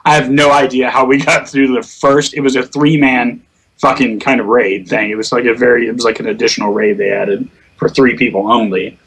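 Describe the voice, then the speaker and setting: A man's voice: mid-range voice, little pitch movement, fairly quick, a bit bright, slight background noise. A man chatting casually about online gaming, telling stories with lots of swearing and laughter, acting out quotes. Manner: profane, laughing storyteller who acts out quotes.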